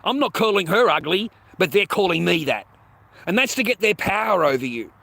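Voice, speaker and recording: A man's voice: sits high, expressive, a little fast, vocal fry, bright, forceful tone, no room sound. A middle-aged man ranting on a livestream, blunt and crude, swearing constantly. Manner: crude, profanity-heavy, blunt.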